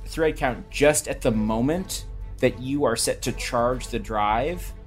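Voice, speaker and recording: A man narrating a tabletop game as game master, with halting pauses and fillers. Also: medium pitch, faint music behind.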